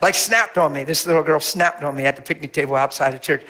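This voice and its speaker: A man preaching as a pastor, telling stories with lively acted-out voices and sudden drops to a near whisper. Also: quick pace, few pauses. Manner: animated storytelling, acts out voices with big pitch jumps. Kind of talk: sermon.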